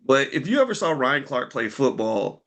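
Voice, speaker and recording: At a moderate pace and mid-range pitch, a man delivers unscripted commentary right to his viewers. The tone is animated and rhetorical, with pointed questions piling up and frequent restarts.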